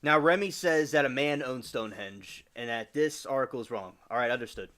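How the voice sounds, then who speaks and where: Man reading aloud haltingly on stream. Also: mid-range voice, fairly bright tone. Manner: halting reading, stumbles over words. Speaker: livestream host.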